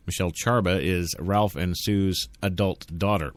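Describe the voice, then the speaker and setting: A man's voice: low voice, fairly even intonation, normal speed, few pauses, no room sound. An American man hosting a radio news talk show, reading stories with sarcastic jokes and frequent laughter. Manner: sarcastic, laughs often between lines. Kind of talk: irreverent news reading with joking asides.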